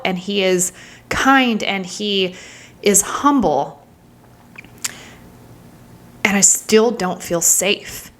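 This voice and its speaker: In a reflective, candid vlog, a woman in her thirties shares a personal story, thinking out loud at a middle pitch for a woman. She trails off into soft, hushed whispers when reliving moments.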